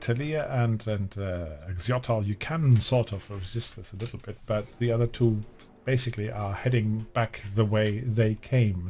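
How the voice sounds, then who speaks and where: A man running a tabletop game as game master, relaxed and rambling with fillers. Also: on the low side.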